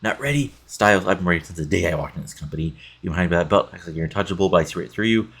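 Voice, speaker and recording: A man's voice: sits low, lively intonation, rapid-fire, fairly bright tone, slightly rough, heavily acted. A man reading out the lines of a boastful male wrestler who taunts the champion. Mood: taunting. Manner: trash-talking, read aloud plainly.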